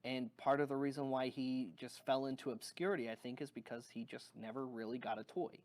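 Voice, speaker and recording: A man's voice: medium pitch, fairly even intonation, brisk, darkish tone. A man reviewing a toy on video, talking in a rambling, enthusiastic fan manner with lots of fillers and restarts.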